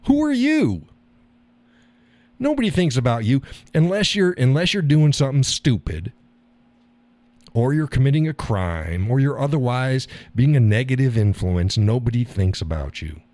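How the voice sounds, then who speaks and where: A man's voice: mid-range voice, very animated, moderate pace, a little mellow, no room sound. A middle-aged man hosting a live stream, talking bluntly with profanity and frequent laughter. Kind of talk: casual monologue. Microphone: audio call or stream mic.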